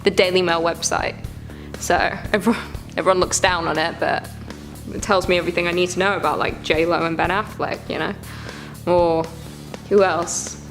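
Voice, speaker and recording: A woman talking casually as she reacts to scary videos, chatty and quick to swear and joke. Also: fairly low pitch, fairly even intonation, over music.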